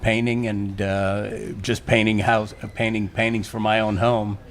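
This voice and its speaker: An older man, a painter, rambling and halting through a casual interview in a gallery. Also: on the low side, flat delivery. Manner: rambling, halting, restarts often. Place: art gallery during a live event.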